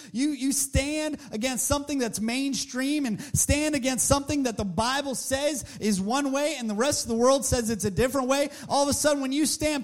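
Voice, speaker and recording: A man preaching a sermon in an animated, conversational way, acting out the people he quotes. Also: extremely high pitch.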